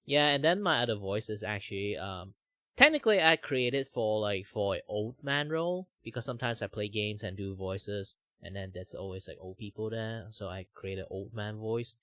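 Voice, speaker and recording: A man's voice: on the low side, expressive, normal speed, a bit bright, dry recording, studio quality. A man from Malaysia, chatting casually as the stream's host and rambling with lots of fillers. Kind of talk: casual chat.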